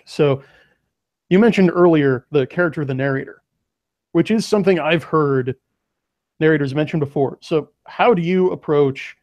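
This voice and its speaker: Male host, slightly raised pitch, thoughtful and halting, dry dull recording. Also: a little mellow, no room sound. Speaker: podcast host. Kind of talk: interviewing.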